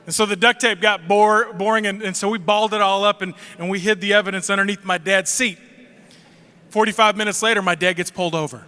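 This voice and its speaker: A man telling a funny family story on stage, animated and jokey, acting out the scenes. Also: sits high, in a large hall. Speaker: speaker at a school event.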